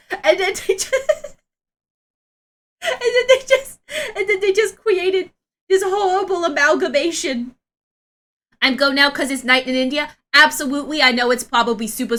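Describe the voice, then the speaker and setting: A woman's voice: sits high, sharp tone. A woman streamer in casual live-stream chat. She rambles and restarts often, and she laughs and shrieks a lot.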